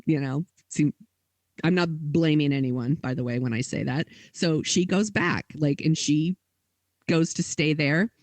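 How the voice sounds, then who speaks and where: A woman's voice: low voice, unhurried, a little mellow, no echo. A woman co-hosting a podcast, telling a story in casual chat with lots of "like" and quoted dialogue. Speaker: podcast co-host.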